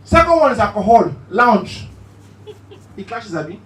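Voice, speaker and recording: Male stand-up, animated storyteller, very lively pitch, recorded in a roomy venue. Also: normal speed. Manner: animated, shouty storytelling with bursts of preaching. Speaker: stand-up comedian. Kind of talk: stand-up comedy set. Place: live comedy stage. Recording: echoey hall, mic at a distance, faint room noise.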